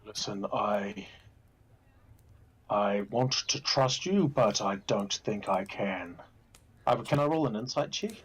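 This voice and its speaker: A man's voice: lowish voice, animated, takes it slowly, long pauses, breathy edge. A man playing in a tabletop roleplaying game, speaking earnestly and warily in character. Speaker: player.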